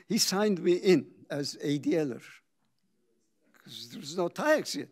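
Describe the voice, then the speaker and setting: An older man, a company founder, tells his story in a reflective talk, pausing for drama and acting out the conversations he recounts. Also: on the high side, sing-song, slightly rough. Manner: dramatic pauses, acts out quoted dialogue.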